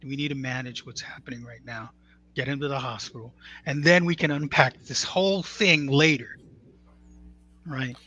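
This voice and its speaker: A man's voice: medium pitch, steady tone, moderate pace, pushed and bright, highs cut off. A man telling a family story in a conversational, matter-of-fact way, acting out what others said. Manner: earnest, matter-of-fact, quotes others as he tells it.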